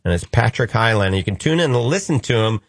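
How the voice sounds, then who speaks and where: A man's voice: mid-range voice, animated, quick pace, creaky, no echo, studio quality. A man with a New Orleans accent hosting a call-in radio show, upbeat and reassuring with a joking streak.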